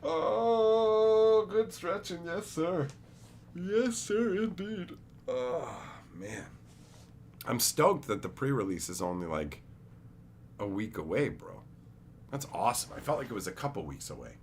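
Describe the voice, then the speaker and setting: A man's voice: mid-range voice, lively intonation, unhurried, darkish tone, slight background noise. A young man chatting casually on a livestream, rambling, joking and swearing freely. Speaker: streamer.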